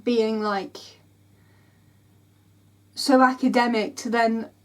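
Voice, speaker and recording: Young woman, book vlogger, rambling and emotional, slightly high voice, tired and sore. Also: fairly even intonation, slow. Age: 20s. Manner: rambling, emotional, full of "like"s and restarts. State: tired and in pain. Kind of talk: casual vlog chat.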